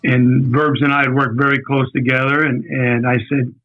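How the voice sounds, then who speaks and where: A man in his sixties, appearing as a guest coach, tells his career story over a tinny phone line. His mid-range voice stays level at a normal speed, and his talk is rambling and conversational, with words repeated as he remembers.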